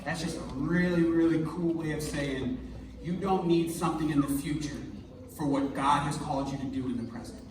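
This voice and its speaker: Male pastor, high voice, lively and joking in a sermon; echoey hall, picked up from a distance. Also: moderate pace, noisy background. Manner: energetic, conversational, jokey. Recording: echoey hall, mic far off.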